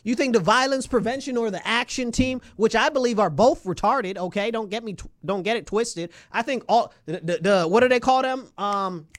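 A man's voice: high-pitched, moderate pace, hardly any pauses, fairly bright tone. A man from New York State delivering an agitated political rant, emphatic and repetitive with many rhetorical questions. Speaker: local political commentator.

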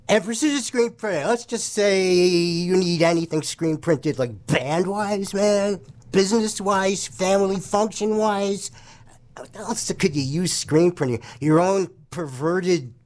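Rambling, irreverent male radio host. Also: a little high. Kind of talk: casual radio banter.

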